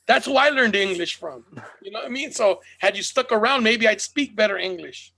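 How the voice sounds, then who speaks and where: High, gravelly man chatting casually. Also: brisk, sharp tone, a little hiss or hum. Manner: loose, profane, joking. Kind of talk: casual chat.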